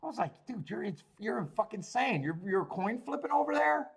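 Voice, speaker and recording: Man, racing-betting stream host, higher voice, swings wildly in pitch, loose and profane. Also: creaky, husky. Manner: animated, swearing, laughing, fast rambling with restarts. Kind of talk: casual livestream chat.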